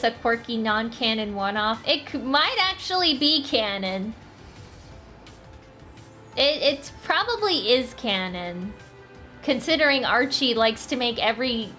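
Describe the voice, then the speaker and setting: A woman streamer chats through a comic in a playful, casual way, full of quick asides. Her voice is high and bright, and faint music plays behind her.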